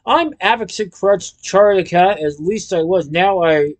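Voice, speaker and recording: A man reading a storybook, voicing a prim older gentleman, a former accountant, with a formal, precise manner. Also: high-pitched, unhurried.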